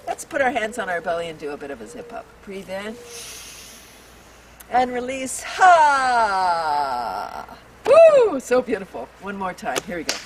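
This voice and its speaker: A woman hosts an outdoor tour vlog in a maple forest, talking fairly quickly in a very animated, mid-range voice. Bubbly and exclaiming, she laughs often and leads breathing exercises, recorded on a distant mic with a faint outdoor hum.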